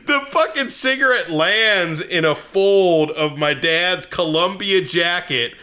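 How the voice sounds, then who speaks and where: A man's voice: high voice, a little slow, few pauses, clear, resonant tone. A man co-hosting a comedy podcast, telling stories with lots of swearing and acted-out quotes. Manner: animated storyteller, swears a lot, acts out quotes. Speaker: podcast co-host. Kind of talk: casual podcast banter.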